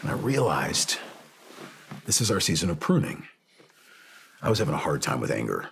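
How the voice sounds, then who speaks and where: A Navy SEAL captain in his forties, appearing as a podcast guest, talks earnestly about faith and forgiveness, sometimes rising to impassioned emphasis. His rumbling low voice is very smooth and resonant, swinging hugely in pitch at a moderate pace, with a slight hiss or hum underneath.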